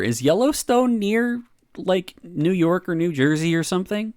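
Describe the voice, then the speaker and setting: A woman's voice: on the low side, animated, normal speed, a little mellow, no echo, studio quality. A woman streamer reading a narrative game aloud, giggling and reacting between lines.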